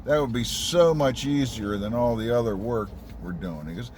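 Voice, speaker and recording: A man's voice: fairly low pitch, moderate pace, few pauses, a little mellow, a little hiss or hum. A man telling a casual anecdote about his days as a cab driver and dispatcher, conversational and profane, acting out the dialogue.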